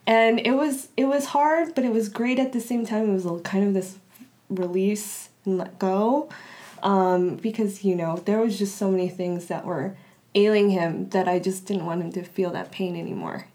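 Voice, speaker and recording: A woman's voice: mid-range voice, moderate pace, warm tone. Woman, interview guest; casual, filler-heavy personal storytelling. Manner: chatty, frequent "like" fillers and restarts. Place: Los Angeles area.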